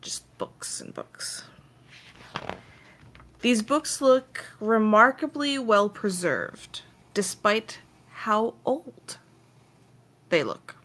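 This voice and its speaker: A woman's voice: on the high side, expressive, extremely slow, long pauses, fairly bright tone. A woman narrating as game master, describing scenes in detail and correcting herself as she goes.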